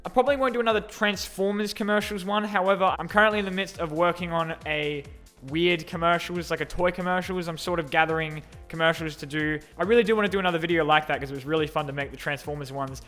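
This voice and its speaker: Excitable young man with a slightly high voice. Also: fast talker, faint music behind. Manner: excitable and sarcastic, with sudden jumps between loud gushing and mumbled asides. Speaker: YouTube host. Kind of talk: casual Q&A and unboxing chat.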